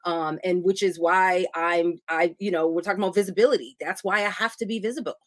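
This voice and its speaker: A woman's voice: lowish voice, fairly even intonation, a little fast, no room sound. A woman hosting a podcast who affirms and encourages her guest in casual chat. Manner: warmly affirming, encouraging responses. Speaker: podcast host.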